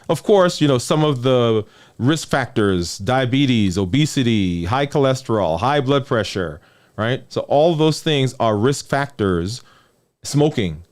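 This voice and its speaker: Speaking as a physician in a conversational health talk, this man has an animated, lively pitch. For emphasis he drops low and quiet on important words, and he keeps checking in with his listener while repeating phrases to hammer a point home.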